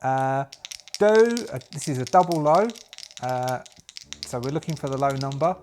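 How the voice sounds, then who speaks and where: A man's voice: mid-range voice, normal speed, noisy background. A man narrating a solo tabletop game, thinking aloud and rambling with many fillers and restarts. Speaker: solo game master and player.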